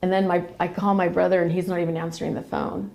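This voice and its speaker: A woman's voice: lowish voice, level tone, fast, darkish tone. A woman telling an emotional personal family story as a podcast guest, retelling what others said. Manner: emotional, quotes others in a run of retold dialogue.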